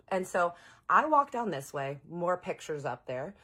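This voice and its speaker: A woman telling a story casually to her audience, animated and chatty, jumping into exaggerated quoted voices. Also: fairly low pitch, moderate pace.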